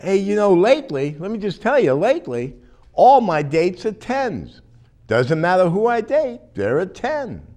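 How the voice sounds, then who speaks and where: A man doing a stand-up comedy routine, telling chatty stories with deadpan punchlines. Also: high-pitched, unhurried, soft background music.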